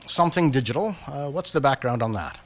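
A man's voice: mid-range voice, lively intonation, brisk. A man hosting a radio interview, speaking hesitantly with many fillers and repeated words. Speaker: radio host.

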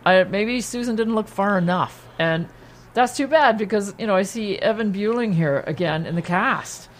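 A woman's voice: medium pitch, moderate pace, a little hiss or hum. A woman who once acted on stage discusses musicals in casual conversation, chatty and often cutting in. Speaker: theater reviewer and former stage actor. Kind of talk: casual review chat.

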